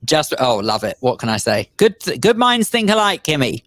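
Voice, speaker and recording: A man co-hosting a radio talk show who speaks in an earnest, measured and sincere way. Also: a little high, big pitch swings, fairly bright tone, no echo. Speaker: radio co-host. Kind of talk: casual radio chat.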